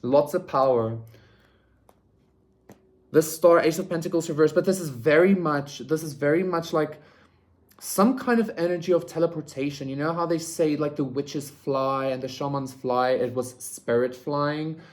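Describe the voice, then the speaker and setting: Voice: medium pitch, normal speed, a little mellow. A tarot reader giving a casual pick-a-card reading, rambling with lots of "like" and tagging lines with "okay?", swearing freely.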